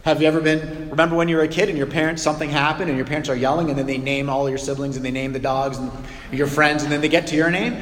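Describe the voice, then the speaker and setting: Male pastor, sermon delivery, animated and conversational, slightly higher voice, echoey hall with a long tail. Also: fast talker. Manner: animated, conversational preaching with acted outbursts.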